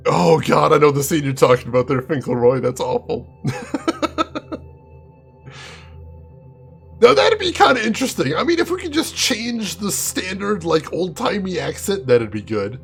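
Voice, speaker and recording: Gravelly, lively-voiced man streaming games. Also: fairly high pitch, measured pace, pauses often, soft background music. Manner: chatty, laughs often, answers viewers by name. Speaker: game streamer reading chat. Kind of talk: casual live-stream chat.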